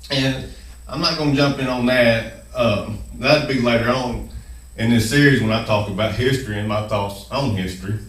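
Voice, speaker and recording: This is a man's nervous debut monologue on his own video channel, delivered while chewing gum and full of fillers and restarts. His voice sits in the mid-range, and the low-quality recording is roomy with a distant mic.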